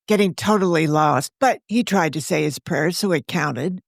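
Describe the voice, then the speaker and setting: Wry, measured woman author narrating; gravelly, dry close mic. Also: low voice, no room sound. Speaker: author narrating her own story. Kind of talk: scripted storytelling narration.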